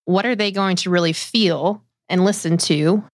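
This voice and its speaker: A woman co-hosting a studio podcast in an easygoing, casual way. Her voice sits at a middle pitch. The sound is dry and close. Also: normal speed, no room sound. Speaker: podcast co-host.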